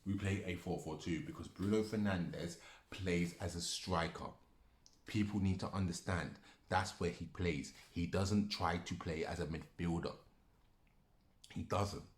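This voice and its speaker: In an echoey room, a male football fan argues in an angry rant, repeating himself and swearing. His voice sits low, his intonation is fairly even, and he doesn't hurry.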